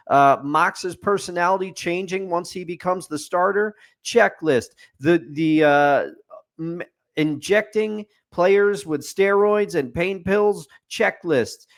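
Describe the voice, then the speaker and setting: A man co-hosting a podcast, giving an opinionated, rambling movie review in casual chat with fillers and restarts. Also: a little high. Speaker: podcast co-host. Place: studio.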